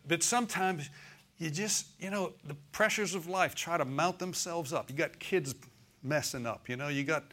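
A man's voice: medium pitch, fairly bright tone. A male pastor preaching a sermon in a conversational, folksy way. He often checks in with the congregation for an "amen" and repeats phrases for emphasis.

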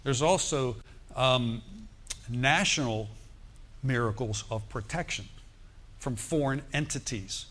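Man preaching a lively sermon. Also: medium pitch, slow, long pauses. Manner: animated, calls for amens, quotes scripture.

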